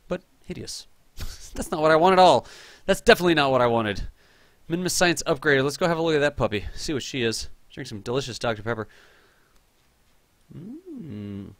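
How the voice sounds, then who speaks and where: Young male streamer, slightly high voice, dry close desk mic, chatty and excitable. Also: dry recording. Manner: chatty, upbeat, reads chat aloud, excitable. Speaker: game streamer. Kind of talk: casual live-stream chat.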